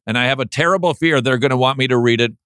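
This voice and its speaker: Guy hosting a podcast, mid-pitch, joking around, dry close mic. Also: racing, clean tone, no echo. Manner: animated, mocking flat monotone readings. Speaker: podcast host. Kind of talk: casual chat.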